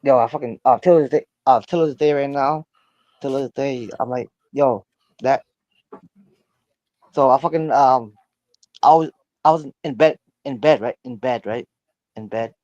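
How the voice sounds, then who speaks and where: A man's voice: mid-range voice, moderate pace, darkish tone, no room sound, muffled recording. A man calling in, telling a story casually in a rambling way, full of fillers and stammered repeats. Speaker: caller.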